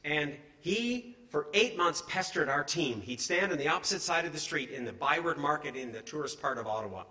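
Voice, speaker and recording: A middle-aged man preaching a sermon in an animated, conversational way, asking his congregation questions. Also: fairly high pitch, a little fast, hardly any pauses.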